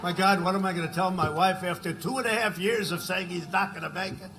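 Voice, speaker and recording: A man in his seventies speaks at a political rally, rambling through asides and then shouting out a line. His voice sits high and sounds bright and forceful. A faint noise runs under the podium mic. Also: quick pace, rough recording. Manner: rambling, conversational asides, sudden shouted lines. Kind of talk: campaign rally speech.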